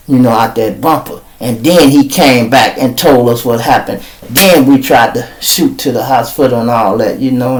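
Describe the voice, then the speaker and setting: A man tells an old street story with lively, profane energy. He keeps turning to his listeners with y'all, and his voice sits at an ordinary middle pitch for a man. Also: rough recording. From Chicago. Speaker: storyteller host.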